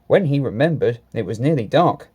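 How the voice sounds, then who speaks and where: A man reading a children's railway story aloud, lively and expressive. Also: mid-range voice, normal speed, breathy edge.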